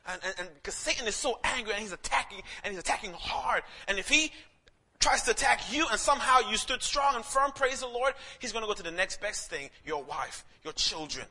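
A young man preaching a sermon in a lively storytelling way, with casual slang and many quick restarts. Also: high voice. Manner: animated storytelling, slips into quoted voices, frequent restarts.

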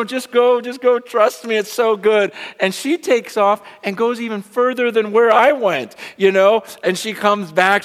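A fairly high-voiced man in his forties preaching a story-driven sermon to a congregation. He tells it with animated energy, then drops into hushed, prayerful reflection. His voice carries the long, lingering reverb of a large church hall. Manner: animated storyteller, swinging between excited and hushed prayerful tones. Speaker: pastor.

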